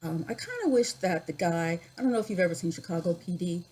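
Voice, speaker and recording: A woman in her sixties telling personal stories in a vlog, reflective and unhurried, with pauses and restarts. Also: lowish voice, animated, a little mellow, husky, poor audio. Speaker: YouTuber.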